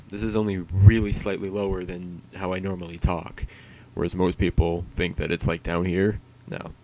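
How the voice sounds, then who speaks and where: A man's voice: sits low, little pitch movement, normal speed, dark tone, slight background noise. A man streaming alone, rambling in a profane, self-mocking way while he waits for his stream to start. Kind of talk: casual solo livestream chatter.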